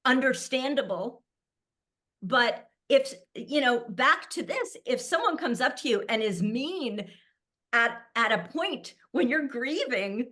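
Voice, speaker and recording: A woman's voice: a little high, sharp tone. Candid storytelling woman, laughing often. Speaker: panel guest. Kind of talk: conversational panel talk.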